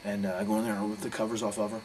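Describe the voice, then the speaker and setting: A man recounts a story in a candid interview, blunt and profane, rambling from one detail to the next. He talks quickly in a lowish voice. Steady background noise sits under the recording. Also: rough recording. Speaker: interview guest, pro wrestler.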